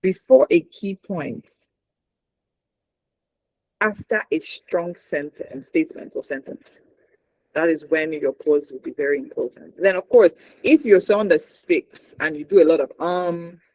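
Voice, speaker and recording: A communication trainer with a Nigerian accent leads a workshop. His voice sits a little high for a man. He talks emphatically and keeps checking in with his listeners. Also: measured pace, a little mellow, no echo, low-quality recording. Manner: emphatic, checks in with frequent "right?". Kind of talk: workshop teaching.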